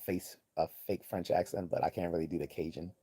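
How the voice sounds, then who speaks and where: Low-voiced, blunt man ranting on a livestream. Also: steady tone, a little fast, mellow, husky. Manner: blunt, profane, rambling with restarts. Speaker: livestream host. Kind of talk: opinionated live commentary reading chat.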